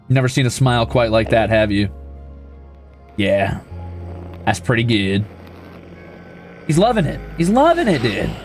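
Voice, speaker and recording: A man streaming a building game, chatting casually with viewers in a playful, teasing, mock-boastful way. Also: medium pitch. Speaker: VTuber streamer. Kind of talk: casual gaming stream chat.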